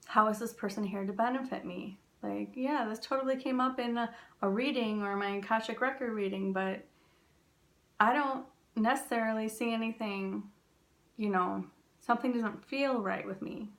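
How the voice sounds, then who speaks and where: A woman from the United States, a spiritual teacher, talking in a casual, chatty way with lots of fillers and animated storytelling. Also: a little high, moderate pace.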